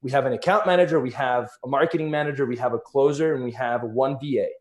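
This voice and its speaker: A man's voice: mid-range voice, fast. A man speaking as a podcast guest, explaining his ideas earnestly and building his points with examples. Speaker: guest, agency founder. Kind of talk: casual interview chat.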